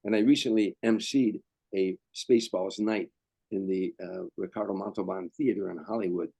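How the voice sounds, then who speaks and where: A man's voice: sits low, fairly even intonation, moderate pace, gravelly, warm tone, dry recording, low-quality recording. An older male comedian telling anecdotes as a guest, rambling and restarting sentences. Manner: rambling, repeats words, restarts. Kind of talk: anecdotal storytelling.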